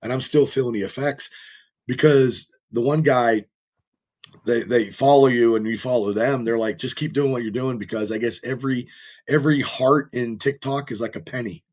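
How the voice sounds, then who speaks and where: Rough-voiced man telling rambling stories. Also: medium pitch, normal speed, a little mellow. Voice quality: rough, strained voice. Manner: rambling storyteller, heavy swearing. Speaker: podcast host. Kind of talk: casual podcast chat.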